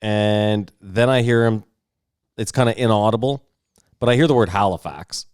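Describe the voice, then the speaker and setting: Man, podcast co-host, low voice, dry close sound, profane storyteller. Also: normal speed, clean tone, no room sound. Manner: animated, profane, long-winded anecdotes. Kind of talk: casual storytelling chat. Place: podcast recording setup.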